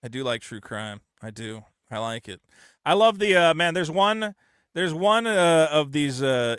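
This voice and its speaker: A man hosting a call-in show, rambling and swearing, acting out quotes in high voices. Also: fairly bright tone, clean tone, no room sound, studio quality. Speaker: host. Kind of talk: casual call-in show banter.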